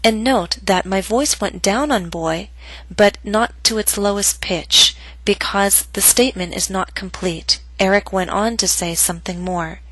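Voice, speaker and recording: A woman's voice: medium pitch, a little slow, a bit bright, dry recording, poor audio. Woman teacher narrating a pronunciation lesson, patient and carefully articulated, dry close sound. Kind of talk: scripted instructional narration.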